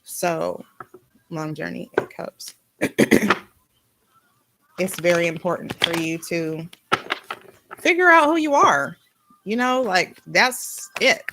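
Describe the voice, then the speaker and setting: A young adult woman giving a casual spiritual tarot reading, blunt and animated, swearing freely as she talks. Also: on the low side, slow, long pauses, a little hiss or hum, poor audio. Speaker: tarot reader.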